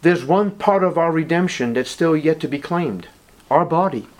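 A middle-aged male pastor preaching with fervent, impassioned delivery. His voice sits a little higher than most men's. He leans on long dramatic pauses between phrases. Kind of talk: sermon.

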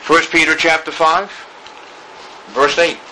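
Male preacher, bright forceful tone, emphatic repetitions, church sermon delivery. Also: fairly high pitch, steady tone, a little hiss or hum, poor audio. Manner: emphatic preaching with repeated phrases and drawn-out words. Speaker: pastor. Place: church during a service.

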